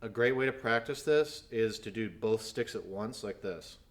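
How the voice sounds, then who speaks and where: A man's voice: fairly low pitch, moderate pace, very noisy. A man teaching snare drum in a video lesson, explaining technique patiently and counting aloud as he demonstrates.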